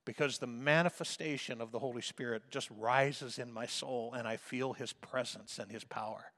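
A man preaching a sermon as a pastor, swinging from soft asides to loud emphatic calls. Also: mid-range voice, steady tone, normal speed, big-room sound.

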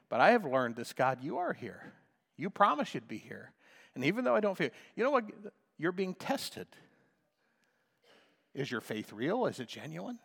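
An older man preaching a sermon as a pastor, swinging between hushed talk and impassioned shouts. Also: medium pitch, long reverb tail.

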